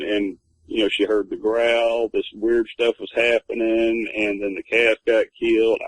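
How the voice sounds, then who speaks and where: A man's voice: fairly low pitch, vocal fry, husky, dry recording, low-quality recording. A man, rambling through a personal story as a guest, with many fillers and restarts. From Texas. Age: 50s. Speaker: guest telling his encounter story. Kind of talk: casual spoken storytelling.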